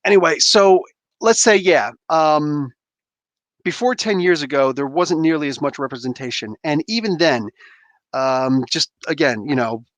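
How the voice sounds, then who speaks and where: A man in his thirties hosting a casual livestream chat from home on a headset mic, rambling and animated with lots of fillers and restarts. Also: a little high, measured pace, no room sound. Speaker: livestream host. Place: home room. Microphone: gaming headset.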